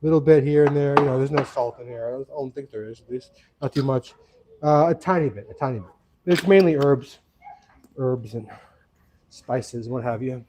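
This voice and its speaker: A man's voice: mid-range voice, moderate pace, warm tone, a little hiss or hum. A man hosting a casual cooking livestream from his home kitchen, chatting to viewers in a rambling, friendly way.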